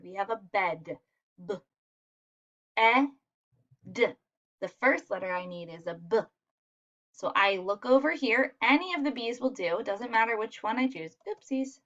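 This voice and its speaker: A woman's voice: a little high, lo-fi sound. A woman teacher giving a recorded phonics lesson for children, patient and encouraging as she spells out sounds.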